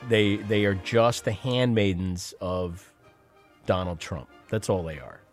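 A middle-aged man talks casually as a show host and mocks what he has just played. His voice sits a little low, with faint music underneath. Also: slow. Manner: sardonic, mocking asides. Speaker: radio host. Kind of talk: casual political commentary over clips.

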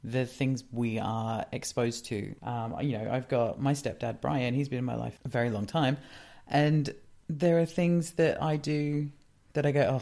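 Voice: mid-range voice, fairly even intonation, unhurried, mellow. A podcast co-host chatting casually, teasing their partner with dry quips and laughing along. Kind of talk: casual chat.

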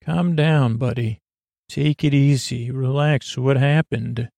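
A man voicing a calm, easygoing old male night watchman who soothes a friend. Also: medium pitch, takes it slowly, creaky, no echo. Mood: soothing.

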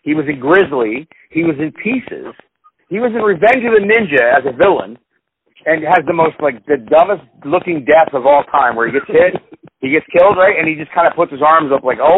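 A man's voice: a little high, lively intonation, moderate pace. A man co-hosting a podcast in casual chat, rambling and swearing freely as he laughs along. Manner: rambling, profane, laughs a lot. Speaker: podcast co-host. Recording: tinny phone-like sound with faint hiss.

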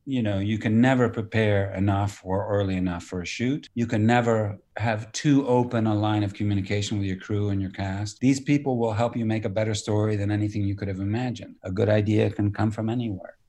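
Low-voiced man telling anecdotes. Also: fairly even intonation, brisk, few pauses, warm tone. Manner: storytelling, acts out quoted dialogue, mild profanity. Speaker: actor and director, guest. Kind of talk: relaxed anecdotal interview talk.

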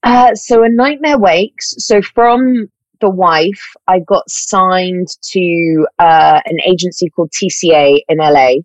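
A woman, an actress talking in an animated, chatty way with fillers and self-corrections in an interview. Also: fairly low pitch, slow pace, dry recording. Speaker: actress guest. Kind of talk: casual interview chat.

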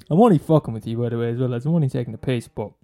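A man's voice: mid-range voice, mellow. A young man doing a profane, mocking comic rant, rambling and swearing constantly. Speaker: comedian.

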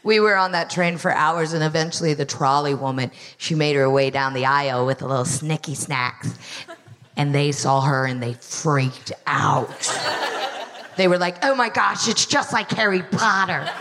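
A woman's voice: low-pitched, moderate pace, background noise. An American woman in her thirties performing a wry stand-up set, telling a story and acting out quotes in front of a live audience. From United States. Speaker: comedian, co-host.

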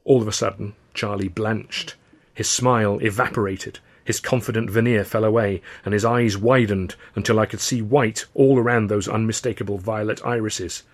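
A man's voice: fairly low pitch, fairly even intonation, moderate pace. A man reading his own novel aloud with a wry storyteller's delivery. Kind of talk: scripted narration.

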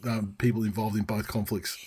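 A man's voice: lowish voice, level tone, fairly quick, a little mellow, breathy edge. Rambling, laughing podcast co-host man. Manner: rambling, self-interrupting, laughs often, sweary. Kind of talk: casual podcast banter.

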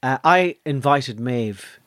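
A man's voice: mid-range voice, lively intonation, takes it slowly, a bit bright, dry recording. An Irish man telling a long personal story in casual chat, rambling and earthy, swearing freely and poking fun at himself. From Ireland.

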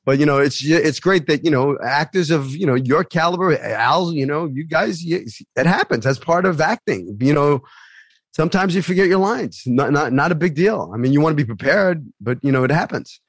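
A man's voice: fairly high pitch, expressive, moderate pace, no room sound. Man hosting with a dry, close sound. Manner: rambling, many fillers. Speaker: podcast host, acting teacher. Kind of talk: casual chat.

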